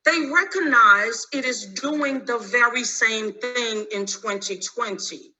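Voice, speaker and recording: A woman delivers a formal lecture at an unhurried, measured pace. Her voice sits high and very bright. She leans hard on key words with deliberate, oratorical emphasis. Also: low-quality recording. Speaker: law lecturer.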